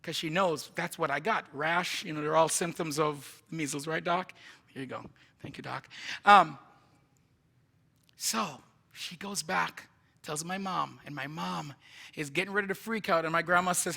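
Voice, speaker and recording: A man from Jamaica preaches a testimony sermon, telling his story in a chatty way with asides to the listeners. His voice sits high and sounds bright. A long reverb from the church sanctuary follows every phrase. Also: a little slow, creaky. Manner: conversational storytelling with asides to the audience.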